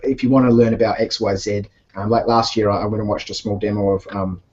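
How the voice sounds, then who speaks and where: Mellow-voiced man in rambling casual chat. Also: on the low side, flat delivery, quick pace. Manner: rambling, many fillers and restarts. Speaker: podcast co-host. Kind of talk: casual chat while painting miniatures. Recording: dull lo-fi sound.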